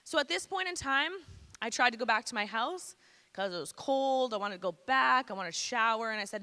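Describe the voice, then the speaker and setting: A woman's voice: a little high, lively intonation, a little fast, pushed and bright. A woman in her thirties from Canada gives a candid, blunt, casual personal testimony to students as a guest speaker in a school hall. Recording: echoey hall.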